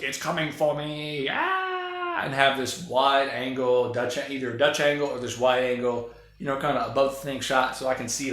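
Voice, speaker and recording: A man's voice: medium pitch, a bit bright. A man giving an opinionated, rambling, profane casual monologue about films. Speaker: film commentator. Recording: very echoey room.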